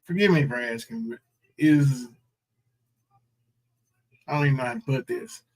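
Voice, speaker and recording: A man's voice: medium pitch, moderate pace, gravelly, darkish tone. A man co-hosting a casual reaction chat, playful and laughing often. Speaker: co-host.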